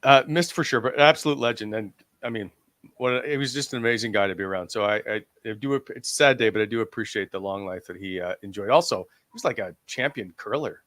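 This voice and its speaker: A man's voice: on the low side, fast talker, a bit bright, no room sound, clean studio sound. A man hosting a sports podcast, steering the talk directly to the next topic. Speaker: podcast host.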